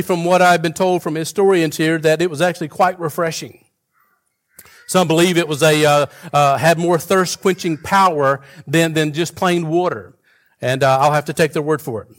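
A pastor delivering a sermon in a loose, conversational way, full of fillers and restarts, mixing rhetorical questions with homespun humor. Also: male voice, on the high side.

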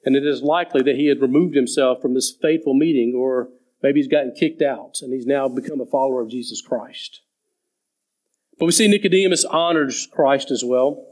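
A man preaching a sermon, explaining a Bible passage and reading the scripture slowly and deliberately. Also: mid-range voice, a little mellow, rough recording. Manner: slows down and reads scripture deliberately.

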